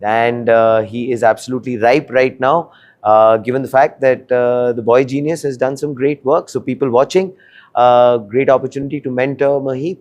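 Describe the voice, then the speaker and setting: A male show host leads the interview and closes the episode. He stretches out his questions and fills pauses with frequent hesitations. His voice sits at a middle pitch. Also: steady tone, darkish tone. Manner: filler-heavy, drawn-out questions. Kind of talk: interview hosting.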